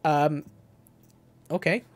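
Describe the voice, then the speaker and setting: A man's voice: on the high side, steady tone, extremely slow. A young man chatting casually while streaming a game, rambling and correcting himself as he goes. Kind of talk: casual gameplay commentary.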